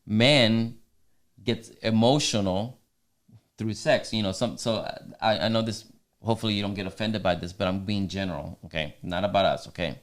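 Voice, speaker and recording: Man co-host, low voice, earnest casual marriage talk with restarts and teasing asides. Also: moderate pace. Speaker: podcast co-host.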